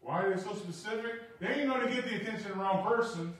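A man preaching a sermon, animated and swinging from quiet asides to shouting. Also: sits high, quick pace. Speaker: pastor. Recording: echoey hall, from far off.

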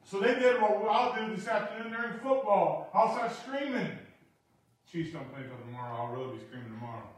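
A man preaching a sermon, animated and swinging from quiet asides to shouting. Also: sits high, brisk. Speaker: pastor. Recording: echoey hall, from far off.

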